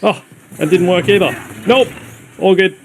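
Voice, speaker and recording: A man's voice: high voice, moderate pace, creaky, noisy background. An Australian man streaming a video game, chatting wryly to viewers as he plays. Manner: chatty, wry, talks to viewers while playing. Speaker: streamer, host. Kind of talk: casual gameplay commentary.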